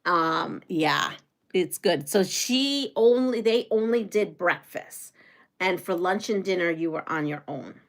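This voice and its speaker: A woman's voice: fairly low pitch, lively intonation, slow pace. A middle-aged woman hosting a casual quilting livestream, chatty and rambling as she talks with her viewers. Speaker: quilting channel host.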